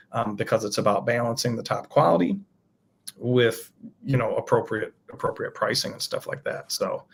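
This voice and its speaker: A man's voice: fairly low pitch, gravelly, a bit bright, husky. A man talking as a podcast guest about his toy designs, enthusiastic and rambling. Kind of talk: casual podcast chat.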